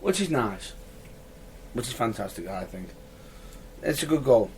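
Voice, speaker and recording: Host, lively teasing voice, a bit far from the mic. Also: male voice, medium pitch, measured pace, slight background noise. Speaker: podcast host. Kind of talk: casual chat.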